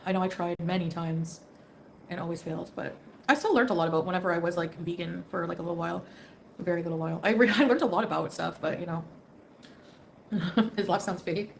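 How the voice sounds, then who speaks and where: A woman's voice: lowish voice, fast, gravelly, a little hiss or hum. A woman chatting casually on a live stream, giggling and rambling while greeting viewers by name. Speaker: livestreamer.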